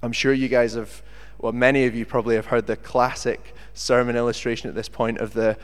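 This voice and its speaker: Man, preacher, animated storytelling sermon, mid-pitched voice, long hall reverb. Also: fairly quick, smooth. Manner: animated storyteller who acts out quotes.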